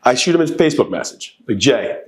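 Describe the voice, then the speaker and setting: A man co-hosting a podcast, telling a story in quick, loose, casual chat. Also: fairly low pitch. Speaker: podcast co-host, real estate agent.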